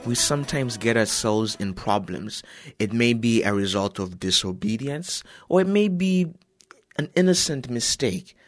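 A man's voice: lowish voice, animated, moderate pace, dry recording, soft background music. A man hosting a Christian radio program and speaking directly to his listeners. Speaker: radio host.

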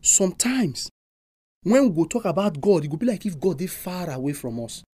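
A Nigerian-accented preacher gives an emphatic sermon. The voice is mellow and rises and falls widely. The recording is close and dry. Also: medium pitch, moderate pace, slightly rough, no echo. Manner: animated, emphatic rhetorical questions.

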